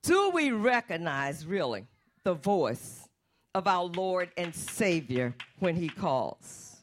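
A woman's voice: fairly low pitch, sing-song, slow. A woman preaching a fervent sermon and calling on the Holy Spirit as she speaks.

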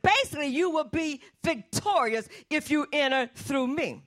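A woman's voice: high-pitched, lively intonation, moderate pace, hardly any pauses, a bit bright. A woman preaching a fervent sermon and calling on the Holy Spirit as she speaks.

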